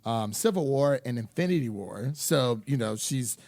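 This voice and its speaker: A young man co-hosting a film podcast, talking in an animated, rambling way with lots of restarts and fillers. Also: mid-range voice, normal speed, gravelly, no room sound. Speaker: podcast co-host. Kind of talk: casual chat.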